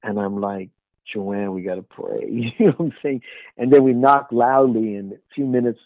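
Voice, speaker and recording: A man's voice: mid-range voice, normal speed, dry recording. A man, an author and guest, earnestly telling an emotional life story in an interview. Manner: earnest, emotional, soft dips in quiet moments. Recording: tinny phone-like line.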